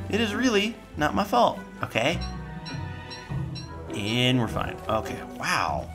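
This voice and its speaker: A man giving jokey, chatty commentary on the game he is playing, breaking into sudden high-pitched panicked yelps. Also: wildly swooping pitch, a little slow, over music. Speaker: gameplay host. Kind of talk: let's play commentary.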